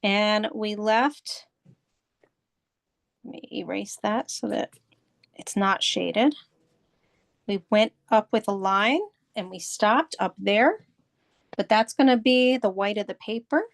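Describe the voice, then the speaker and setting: A woman's voice: medium pitch, takes it slowly, vocal fry, long pauses, dry recording, studio quality. A woman art instructor leading a step-by-step drawing lesson, patiently walking through and repeating each step. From United States.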